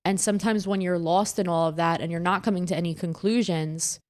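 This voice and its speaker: A woman's voice: on the low side, brisk. A young woman co-hosting a podcast, talking candidly and acting out the people in her stories. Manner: candid, animated storyteller who acts out quoted people. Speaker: podcast co-host. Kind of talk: casual chat.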